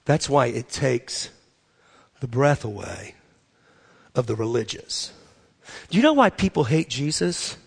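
A man preaching a sermon in an animated way, repeating phrases for emphasis. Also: on the high side, creaky, slightly rough. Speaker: pastor.

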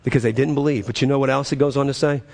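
A man preaching a sermon, swinging between loud, emphatic highs and low, quiet stresses, often repeating words as he builds a point. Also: steady tone, very fast, vocal fry. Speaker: pastor.

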